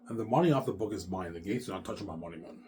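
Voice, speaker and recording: Lowish-voiced man rambling to camera. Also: expressive, racing, darkish tone, a little hiss or hum. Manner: rambling, repetitive and profane, with frequent restarts. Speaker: vlogger. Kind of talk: rambling monologue to viewers.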